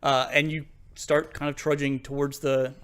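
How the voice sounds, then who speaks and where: A young man narrating as game master in a tabletop game, halting and full of fillers. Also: mid-range voice, little pitch movement, fairly bright tone, smooth.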